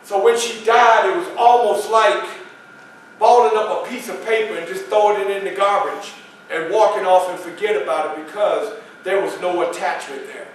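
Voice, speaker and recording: A man performing a first-person living-history monologue as a famous former slave, telling his life story to an audience, with loud excited quotes and quiet, grieving passages. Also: high voice, moderate pace, slight background noise, natural voice. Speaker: historical reenactor. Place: public library hall. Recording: distant voice in an echoey hall.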